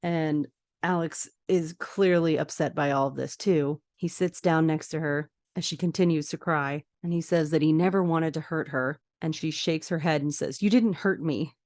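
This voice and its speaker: A woman podcast host narrating an episode recap scene by scene, with lively asides of her own. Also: deep voice, moderate pace, no room sound, clean studio sound. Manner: vivid scene-by-scene retelling with asides.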